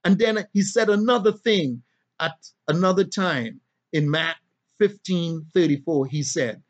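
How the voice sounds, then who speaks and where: A man preaching a sermon in a rhythmic style, building to emphatic, drawn-out peaks. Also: fairly high pitch.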